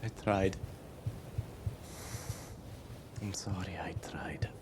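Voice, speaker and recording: A man's voice: deep voice, fairly even intonation, moderate pace, noisy background, natural voice. A man voicing a grieving wounded woman, whispering. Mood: broken. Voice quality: whispery, breathless. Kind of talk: acted character dialogue in a tabletop game.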